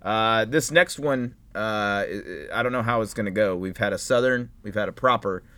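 A man's voice: fairly low pitch, normal speed, sharp tone. A man co-hosting a casual chat, easygoing and rambling, with lots of hedges. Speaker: podcast co-host.

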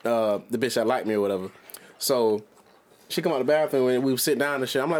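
Quick-paced and mid-range in pitch, this twenty-something man co-hosts a podcast and tells a story in a relaxed chat. He cusses liberally, stays animated and keeps laughing as he goes.

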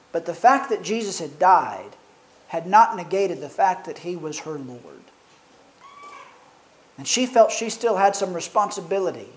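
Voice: mid-range voice, low-quality recording. A preacher delivers a sermon in a mid-range voice, reading scripture and then reflecting on it earnestly. The delivery leans on rhetorical questions put to the listeners.

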